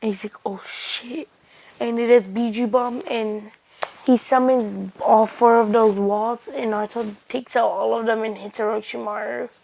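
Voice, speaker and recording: A woman tells a made-up anime fight story in a casual, rambling way. Her voice sits on the high side and stays fairly level, and she keeps restarting phrases and stringing events together with "he's like.". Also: steady tone, moderate pace, gravelly, darkish tone, slight background noise, poor audio. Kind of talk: casual retelling of an invented anime fan story.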